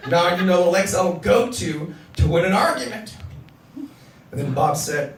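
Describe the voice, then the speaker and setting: A man doing a stand-up comedy set, animated and swearing, shouting his punchlines. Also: high-pitched, normal speed, slight background noise. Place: comedy club stage before a packed crowd. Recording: echoey club audio from far off. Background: audience laughter.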